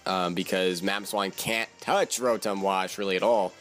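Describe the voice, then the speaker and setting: A man's voice: low-pitched, fairly even intonation, normal speed, fairly bright tone, faint music behind. A man casually commentating his own game battle, thinking aloud and joking at himself.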